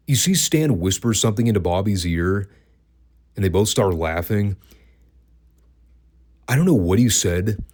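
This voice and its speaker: A man's voice: on the low side, darkish tone. A man hosting a casual wrestling review podcast, dry and profane, cracking himself up at times. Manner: dry, profane, laughs at his own jokes.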